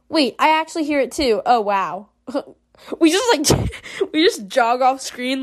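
A young woman gamer chatting through a story game, animated and chatty. Her voice sits high and leaps all over the place, dropping to mumbled asides between loud outbursts. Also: moderate pace. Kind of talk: let's-play commentary of a story game.

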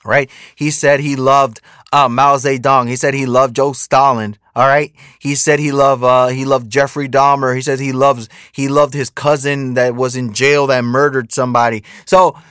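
A man's voice: mid-range voice, flat delivery, moderate pace, fairly bright tone, clear, resonant tone, dry recording, clean studio sound. A man hosting a podcast, ranting through casual political commentary, repeating himself and mocking his critics. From United States. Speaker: podcast host.

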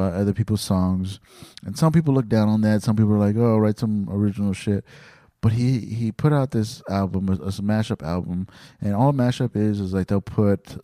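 A man's voice: sits low, warm tone, dry recording, clean studio sound. A man hosting a podcast alone, talking casually and rambling with many fillers, restarts and casual swearing. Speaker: podcast host. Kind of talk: casual monologue.

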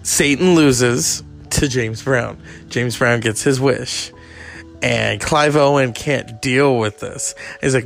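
A man's voice: medium pitch, takes it slowly, creaky, soft background music. A man hosting a podcast, rambling in a crude, sarcastic casual monologue. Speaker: podcast host.

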